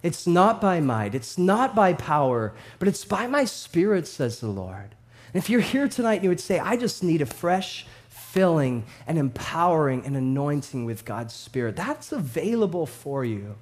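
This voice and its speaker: Animated male pastor preaching. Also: on the high side, normal speed. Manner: animated storytelling with laughs, swings from hushed to loud. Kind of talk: sermon.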